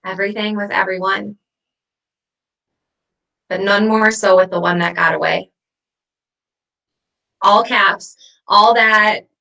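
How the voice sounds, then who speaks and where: A woman acting as a vengeful ghost who haunts her ex, taunting them with sharp, mocking wordplay in a comedy sketch. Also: medium pitch, steady tone, takes it slowly, gravelly, pauses often, far from the mic, full character voice, poor audio.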